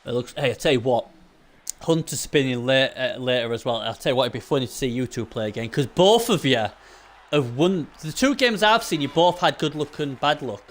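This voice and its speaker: A man's voice: medium pitch, expressive, a little fast. Chatty man with a Hull accent. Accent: Hull, Yorkshire. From England. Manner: chatty, rambling, teasing. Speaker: co-commentator. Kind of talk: casual game commentary.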